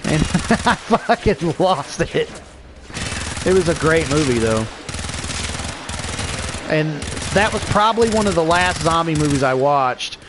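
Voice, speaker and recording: There's background noise behind this man's high-leaning voice. He's a middle-aged gaming vlogger who rambles casually during gameplay, swearing without restraint and often breaking into laughter.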